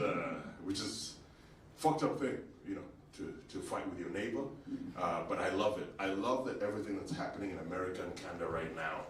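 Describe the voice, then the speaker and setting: Comedian in an echoey theatre. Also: male voice, sits low, slight background noise. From Uganda. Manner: conversational storytelling with sudden yelled punchlines. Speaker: stand-up comedian. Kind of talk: live stand-up comedy set. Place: theatre stage with live audience. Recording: echoey theatre, distant mic, audience laughter.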